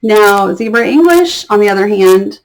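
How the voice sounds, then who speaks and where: A woman with a mid-range voice talks straight to her viewers in a casual advice vlog. She is friendly and chatty and stresses key words. She keeps checking in with a quick "okay?". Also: mid-range voice, lively intonation. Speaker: online ESL teacher and mentor.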